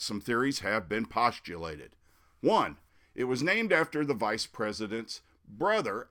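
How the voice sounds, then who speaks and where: A man's voice: on the low side, fairly bright tone. A middle-aged man from Missouri hosting a podcast, telling history in a chatty monologue with wry asides. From Missouri, United States. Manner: chatty, wry asides, flares up in mock outrage. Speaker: podcast host. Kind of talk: storytelling monologue.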